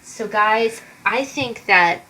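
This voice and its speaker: A woman's voice: medium pitch, slow pace, bright, forceful tone, a little hiss or hum, poor audio. A woman giving a casual tarot card reading to viewers, chatty and encouraging, often repeating herself.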